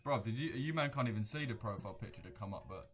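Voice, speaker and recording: A man's voice: lowish voice, animated, quick pace, fairly bright tone, faint music behind. A man giving casual, slangy commentary while trading live, talking straight to his viewers. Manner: slangy, chatty, addresses viewers directly. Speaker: livestream trader.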